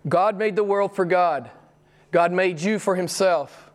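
A middle-aged man preaching a sermon, swinging between loud emphatic lines and hushed, whispered asides. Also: high-pitched, a little slow. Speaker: pastor.

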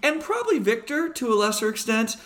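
Brief: podcast co-host, man, high-pitched, laughing storyteller. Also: very animated, a little fast, a bit bright. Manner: storytelling, laughs while talking. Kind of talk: casual chat.

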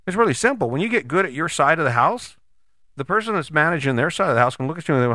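A man's voice: medium pitch, animated, quick pace, bright, forceful tone, dry recording, clean studio sound. A middle-aged man talking in a blunt, folksy, casual monologue, telling stories with mild cursing.

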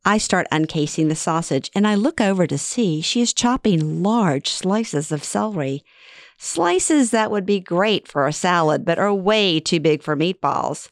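A woman's voice: lowish voice, animated, a little slow, dry recording, clean studio sound. A middle-aged woman reading her own memoir aloud in a wry, conversational way. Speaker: memoir narrator. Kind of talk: first-person storytelling reading.

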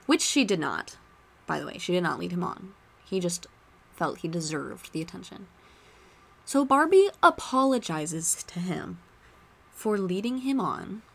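A woman hosting a podcast, chatting casually and retelling movie scenes with lively asides. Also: mid-range voice, a little slow. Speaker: podcast host.

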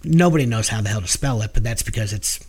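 A man's voice: on the low side, expressive, fast, crowd noise. A man co-hosting a podcast, explaining things in casual chat with many fillers and restarts. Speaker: podcast co-host.

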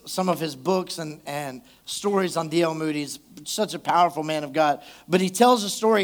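A male pastor preaching a live sermon at a church service, talking conversationally and calling out to the congregation for responses. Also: high-pitched.

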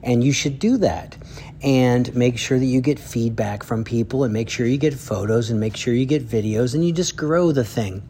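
A man's voice: mid-range voice, moderate pace, warm tone, slight background noise. A man, a drummer and educator, telling heartfelt stories in a spoken tribute. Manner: earnest storytelling.

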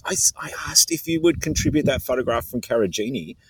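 A man's voice: medium pitch, wildly swooping pitch, creaky, breathy edge. A man co-hosting a podcast, teasing and joking in casual banter, speaking through a laptop outdoors by the water. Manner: teasing, joking, quick to laugh. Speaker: podcast co-host and photography instructor. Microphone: laptop mic.

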